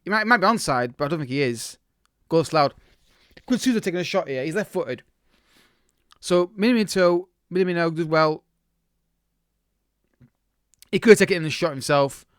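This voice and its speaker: A man talks through a football management game, reacting as it unfolds and restarting his sentences. His voice is smooth and fairly high. The sound is dry and close to the mic. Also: animated, moderate pace, long pauses, dry recording. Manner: chatty, reacts live to the match, many restarts. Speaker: gaming YouTuber. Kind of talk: casual game commentary.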